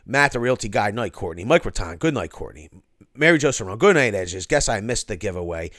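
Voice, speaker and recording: A man hosting a construction live stream, reading viewer comments aloud in an excitable way and throwing in lots of "yo" and quick asides. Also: lowish voice, no room sound, studio quality.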